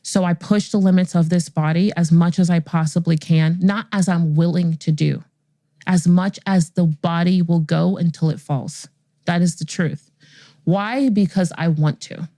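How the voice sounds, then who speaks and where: A woman's voice: fairly low pitch, moderate pace, no echo. A woman in her forties hosting a podcast, telling a personal story and acting out the voices of the people in it. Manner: animated, acts out the voices in her stories. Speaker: podcast host. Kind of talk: storytelling monologue.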